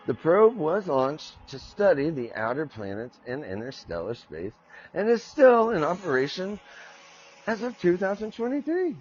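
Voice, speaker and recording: A muffled recording of an American man from the United States hosting a solo podcast, his fairly high, darkish voice carrying a breathy edge. He reads out facts at a normal speed, very animated, and keeps drifting into rambling, self-mocking jokes.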